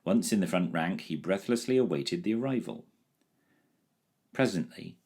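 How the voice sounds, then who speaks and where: A man reading a classic children's storybook aloud in an expressive storytelling manner. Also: fairly low pitch. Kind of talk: storybook read-aloud narration.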